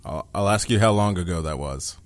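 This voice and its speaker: A man's voice: deep voice, fairly quick. A man co-hosting a combat sports podcast, chatting casually with wry, dry quips. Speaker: podcast co-host.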